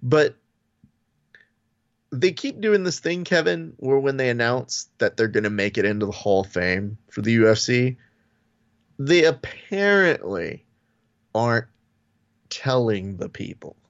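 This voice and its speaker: Animated, gravelly podcast co-host man. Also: measured pace, pauses often, dry recording, muffled recording. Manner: animated, acts out quotes with falsetto and whispers. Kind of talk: casual chat.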